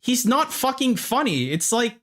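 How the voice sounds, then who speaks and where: A man's voice: very high voice, big pitch swings, unhurried, fairly bright tone. A man streaming, reacting to a video with casual, exasperated and mocking asides.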